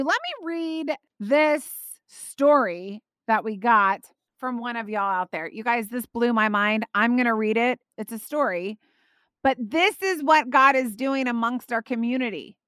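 A woman hosting a faith podcast, talking in an earnest, animated and encouraging way. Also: on the high side, a little slow, no echo. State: out of breath. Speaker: podcast host.

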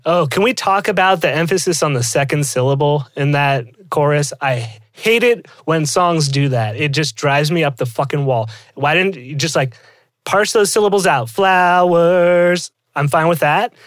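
A man's voice: a little high, normal speed, fairly bright tone, no room sound. A man co-hosting a casual podcast chat, laughing often and swearing casually. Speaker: podcast co-host.

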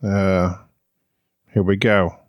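A man's voice: sits low, flat delivery, extremely slow, dry recording, clean studio sound. A man co-hosting a podcast, playful and rambling in casual chat. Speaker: podcast co-host.

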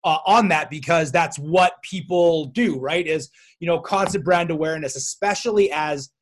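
A man's voice: fairly high pitch, normal speed. A man hosting a casual interview podcast, telling stories with animation and frequent laughter. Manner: animated storyteller, laughs often. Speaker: podcast host.

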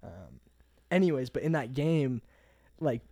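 Male podcast co-host, relaxed casual banter, frequent laughter, dry booth sound. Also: mid-range voice, measured pace, no echo. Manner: easygoing, laughs often, trailing filler words. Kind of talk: casual chat.

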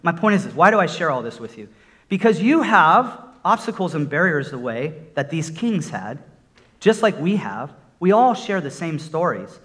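A man's voice: a little high, big pitch swings, moderate pace, a bit bright. A middle-aged man preaching a sermon, telling a personal testimony in an earnest storytelling way that builds into emphatic exhortation.

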